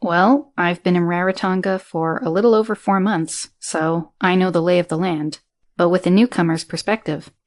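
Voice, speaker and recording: An eager, friendly man with a low voice, chatting someone up in an audiobook, as a female narrator puts him on. He talks easily and keenly. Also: fairly even intonation, normal speed, natural voice. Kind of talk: audiobook character reading.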